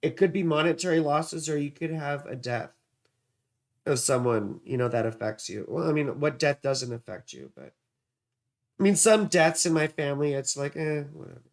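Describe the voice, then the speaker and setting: Male astrology streamer, gravelly, slightly high voice, meandering and profane. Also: animated, normal speed. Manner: rambling, distracted, swears casually. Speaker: astrology livestream host. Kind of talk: casual livestream astrology reading.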